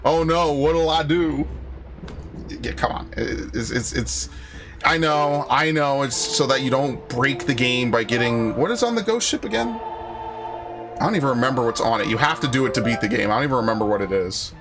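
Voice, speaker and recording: Young male streamer, mid-pitched, casual rambly commentary with sarcasm and swearing; faint game music behind. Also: normal speed. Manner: rambling, sarcastic, swears freely, tells anecdotes.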